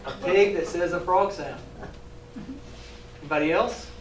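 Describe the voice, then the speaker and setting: High-voiced man reading a story aloud. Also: measured pace. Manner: animated, asks questions, chuckles. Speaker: teacher trainer reading aloud. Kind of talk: picture-book read-aloud with questions. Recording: echoey room, distant mic, faint ambience.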